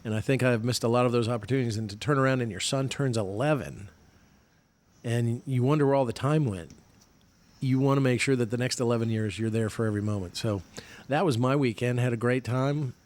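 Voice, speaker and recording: A man's voice: mid-range voice, brisk, a little mellow. A middle-aged man co-hosting a podcast remotely, telling stories in casual chat with self-mocking humor. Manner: chatty, self-mocking storyteller. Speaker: podcast co-host. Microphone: remote podcast mic.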